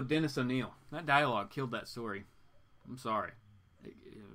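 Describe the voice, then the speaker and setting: A man with a bright, forceful voice hosting a live comics stream in a loose, rambling way. He sits a little higher in pitch than most men and keeps chatting back to the people watching. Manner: rambling and chatty, answers viewer comments. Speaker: comics show host. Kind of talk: casual live-stream chat.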